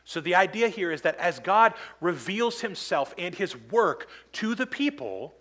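A man's voice: high voice, sing-song, a little slow, fairly bright tone. A man preaching a sermon as pastor, earnest and emphatic, acting out quoted complaints now and then.

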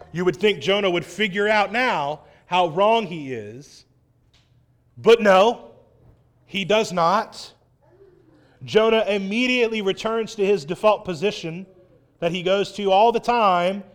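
A man preaching a sermon in an animated, wry way, acting out voices as he quotes. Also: high-pitched, a little slow.

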